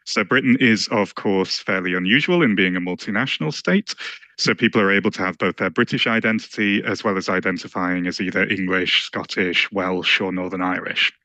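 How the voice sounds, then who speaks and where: A man giving an academic slide presentation, explaining survey results in a measured, step-by-step way. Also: lowish voice, bright, forceful tone, no echo, low-quality recording. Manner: measured, explanatory, walks through charts. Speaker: lecturer presenting survey research.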